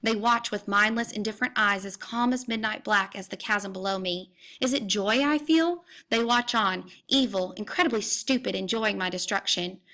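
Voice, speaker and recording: A woman reading a literary novel aloud in the first person, intense and dramatic, at times dropping to hushed tones. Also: medium pitch, steady tone, moderate pace, hardly any pauses. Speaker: audiobook reader.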